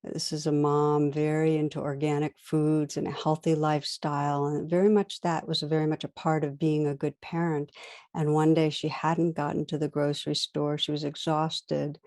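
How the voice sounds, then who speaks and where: A woman meditation teacher giving a gentle, reflective dharma talk, weaving in stories. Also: low voice, flat delivery, moderate pace, no room sound.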